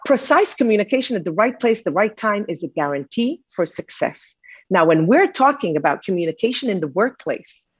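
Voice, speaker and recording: A woman's voice: fairly high pitch, husky, no room sound. Woman presenter, earnest, lots of ums, dry close mic. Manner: earnest, with frequent fillers and restarts. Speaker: conference speaker on inclusive employment. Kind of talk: presentation talk.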